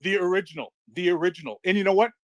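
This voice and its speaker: A middle-aged man chatting casually in a live audio room, telling excitable stories and swearing freely. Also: sits high, racing, no echo, highs cut off. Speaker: crypto community speaker.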